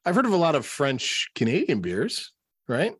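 A man co-hosts a podcast with a wry, needling manner, his pitch rising and falling in lively swings. The sound is dry and close, with no room echo. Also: moderate pace, husky. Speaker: podcast co-host. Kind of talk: casual chat.

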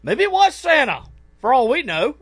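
A man hosts a sports radio show in an upbeat, easygoing way and laughs easily. His voice sits high for a man. The studio sound is dry and close. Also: huge pitch swings, normal speed, a bit bright, breathy edge, no room sound. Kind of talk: casual sports talk.

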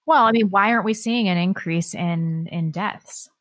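A woman's voice: mid-range voice, normal speed, fairly bright tone, no room sound, clean studio sound. A woman co-hosting a podcast, chatting casually and sarcastically about politics and reading listener comments aloud. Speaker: podcast co-host.

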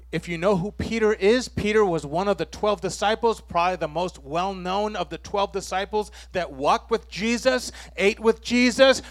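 A male pastor preaching a sermon, calling to the congregation with frequent "amen?" and building to near shouts. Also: high-pitched, no echo.

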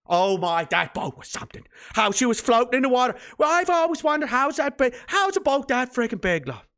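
A man voicing an excitable small-town local gawking at a ship, gushing and swearing in a Newfoundland accent. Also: fairly quick, exaggerated voice. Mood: amazed. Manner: gushing, high-pitched, swearing.

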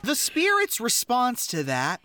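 A man co-hosting a podcast, joking and expressive while recapping a film. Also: extremely high pitch, very noisy. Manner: joking, expressive, drawn-out delivery. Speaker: podcast co-host. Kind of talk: casual chat recapping a film.

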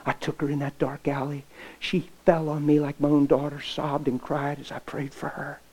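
A pastor preaching a sermon with stories, impassioned and folksy, swinging from loud to hushed. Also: male voice, on the high side, level tone, normal speed, husky, poor audio. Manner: folksy, plain-spoken. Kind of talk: sermon with storytelling.

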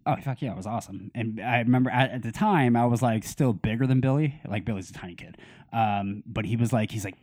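A man's voice: mid-range voice, brisk, a little mellow, no echo, studio quality. A young man telling a story in casual podcast chat, swearing freely and acting out the people he quotes.

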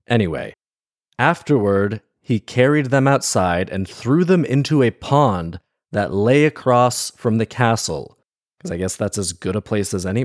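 A man with a fairly low voice reads a fairy tale aloud and keeps interrupting himself with wry, sarcastic remarks. The sound is dry and close to the mic, with no room around it. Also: a little mellow, no echo. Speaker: storyteller and commentator. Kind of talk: fairy-tale reading with comic commentary.

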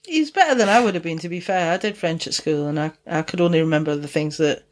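A woman's voice: low voice, fast. A woman with a Dundee Scottish accent, tinged with Geordie, co-hosting a casual chat podcast and laughing often. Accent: Dundee Scottish with Geordie mix. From Scotland. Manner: laughs often, chatty and swearing. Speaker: podcast co-host.

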